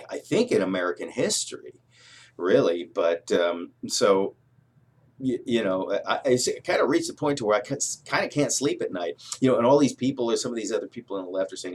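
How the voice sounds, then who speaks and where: Husky-voiced man ranting heatedly. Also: on the low side. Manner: heated, frequent fillers and restarts. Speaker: political vlogger. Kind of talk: rambling political rant to camera.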